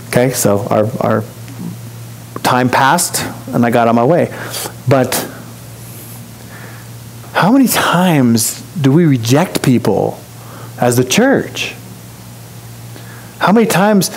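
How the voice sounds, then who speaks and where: A man's voice: medium pitch, darkish tone, slight background noise, rough recording. A man preaching a sermon as pastor, in a conversational storytelling way, acting out the voices of people he quotes. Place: church.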